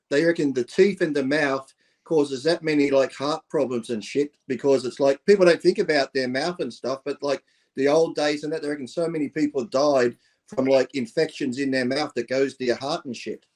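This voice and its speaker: A man chatting casually as co-host, relaxed and loose with slang. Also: mid-range voice, moderate pace. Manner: relaxed, chatty, says 'reckon' and 'and shit'. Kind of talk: casual chat.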